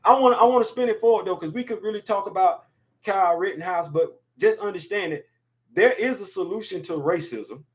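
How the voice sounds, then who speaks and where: A man in his fifties hosting a casual opinion show, talking emphatically and repeating words to drive his points home. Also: high voice. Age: 50s. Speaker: podcast host.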